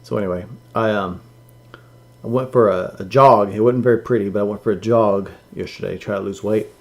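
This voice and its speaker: A man's voice: lowish voice, steady tone, fairly quick, creaky. A man co-hosting a live stream in casual chat, who tells a dad joke with a straight face. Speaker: podcast co-host.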